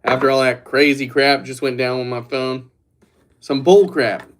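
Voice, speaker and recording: A man's voice: medium pitch, little pitch movement, measured pace. A young man livestreaming, rambling and joking as he talks straight to his chat. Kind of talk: casual livestream chat with viewers.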